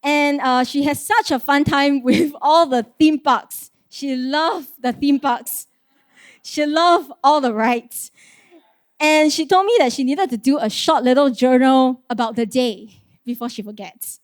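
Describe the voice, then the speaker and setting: A woman delivers a sermon with a high, light voice. She talks earnestly and conversationally, posing rhetorical questions and slipping in small laughs. The sound is close and dry. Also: unhurried, no echo. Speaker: preacher.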